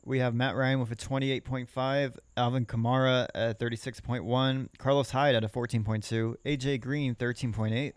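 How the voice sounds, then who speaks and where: Male podcast co-host, casual score recap, smooth voice, dry sound. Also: medium pitch, little pitch movement, no room sound. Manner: reads scores in quick list form. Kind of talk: casual fantasy football recap.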